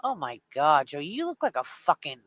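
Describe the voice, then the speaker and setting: A man's voice: on the high side, wildly swooping pitch, moderate pace. A man co-hosting a casual chat, exasperated and swearing, on dull lo-fi audio. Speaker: co-host.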